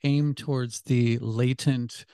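A man guesting on a podcast, thinking aloud in casual chat with halting restarts. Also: mid-range voice, fairly even intonation, mellow, clean tone, no room sound, clean studio sound.

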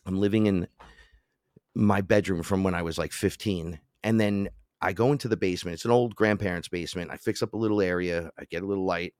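A middle-aged man, a podcast guest, telling an animated personal story and acting out the voices of the people in it. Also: brisk, no room sound, studio quality. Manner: acts out quoted voices, jumps in pitch and loudness.

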